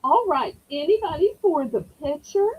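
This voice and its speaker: Lively Southern woman hosting an auction. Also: sits high, normal speed, dull audio. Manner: chatty, folksy, greets viewers by name. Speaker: live auction host. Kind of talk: live-stream auction selling.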